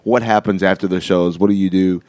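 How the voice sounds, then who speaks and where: A man's voice: low voice, steady tone, a little fast, darkish tone, no room sound, studio quality. A man hosting a casual podcast chat, telling a story in a rambling way with many restarts and frequent laughter. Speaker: podcast host.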